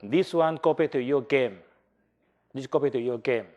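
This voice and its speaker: Man, older, from taiwan, university lecturer, classroom lecture, animated, english. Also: mid-range voice, moderate pace, dull audio. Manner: animated, acts out customer reactions, asks the class questions; non-native English, simplified grammar. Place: lecture hall.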